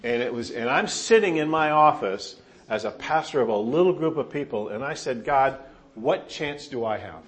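A Southern California pastor, a man with a mid-range voice speaking at normal speed, preaches to his congregation. He brings his sermon to life with animated stories and humor aimed at himself.

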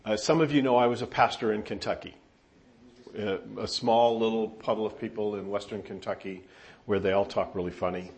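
An animated male preacher telling stories. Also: lowish voice, brisk. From Southern California. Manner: animated storytelling with self-deprecating humor. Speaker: pastor. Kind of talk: sermon.

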